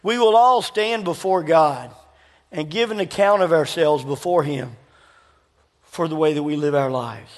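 A man delivers a sermon and works a personal story into it. He acts out both sides of each exchange in an animated way. His voice sits high for a man, and it carries a long reverb from the hall. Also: a little slow. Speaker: pastor.

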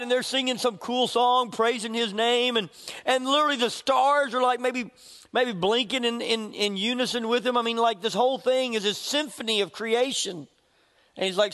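Male pastor, light high voice, chatty sermon style, long church reverb. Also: moderate pace, fairly bright tone. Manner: conversational, jokey preacher with self-corrections. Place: church sanctuary.

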